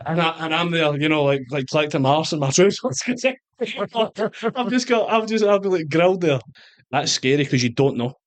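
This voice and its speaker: A Scottish man in his thirties, a guest soccer coach, telling animated stories in a casual interview and slipping into quoted voices. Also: a little high, moderate pace, no room sound. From Scotland.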